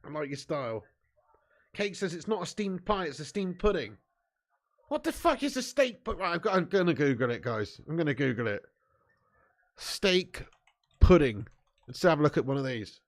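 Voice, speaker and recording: This man's high, slightly bright voice has a sing-song lilt and a moderate pace. During his football watch-along stream he offers match commentary, jokes with viewers in crude, laddish banter, and laughs a lot.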